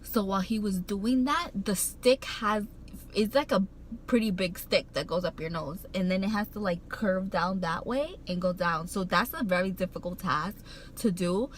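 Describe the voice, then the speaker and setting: A woman speaks to camera about something personal, circling back and restarting her sentences with a steady stream of fillers. Her voice sits at an ordinary middle pitch and carries real emotion, at times close to tears. A faint background hiss runs under the recording. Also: normal speed, rough recording. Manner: rambling, heartfelt, many "like" fillers and restarts; emotional, getting choked up while recounting. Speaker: vlogger.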